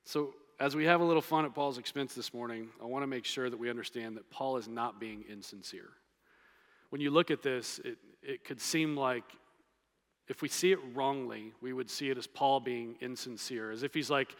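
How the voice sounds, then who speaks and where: A pastor, a man, preaching in a relaxed, joking way that turns earnest, repeating his key points for emphasis. His voice has an ordinary middle pitch. It rings out with the long reverb of a large church hall. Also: brisk. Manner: playful, conversational preaching with emphatic repetition. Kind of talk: sermon. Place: church sanctuary.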